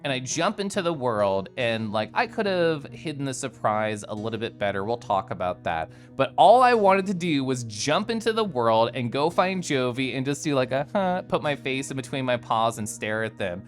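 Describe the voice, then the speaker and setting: A male streamer catching up on his chat with a lively voice that swoops up and down as he reacts. He talks in a playful, giggly way, and soft music plays faintly behind him. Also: medium pitch, brisk. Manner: animated and giggly, playful voice swings.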